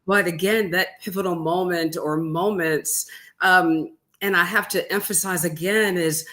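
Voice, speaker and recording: A woman talking as the guest author in an interview, earnest and reflective, pausing often with fillers. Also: lowish voice, steady tone, a bit bright. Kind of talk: live interview conversation.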